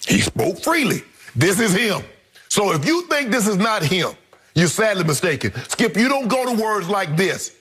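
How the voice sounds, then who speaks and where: A man's voice: high voice, big pitch swings, moderate pace, a bit bright, husky. A middle-aged man giving heated, emphatic opinion commentary on a sports debate show, hammering his points home by repeating them.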